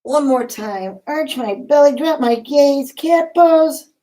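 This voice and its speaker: A woman leading a yoga class, giving calm, encouraging step-by-step cues. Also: high-pitched, slow, low-quality recording. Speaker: yoga instructor. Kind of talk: guided yoga class instruction.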